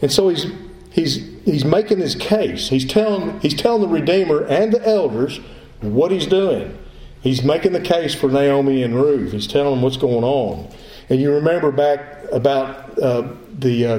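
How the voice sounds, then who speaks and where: A man's voice: on the high side, mellow. A male pastor preaching a sermon, emphatic, repeating his phrases as he builds his point. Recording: echoey room.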